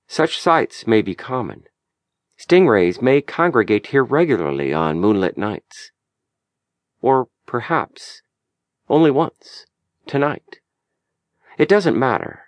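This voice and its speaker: A man narrating a memoir audiobook in a measured, lyrical, deliberate way, recorded close in a studio. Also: mid-range voice, no room sound. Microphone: close studio mic.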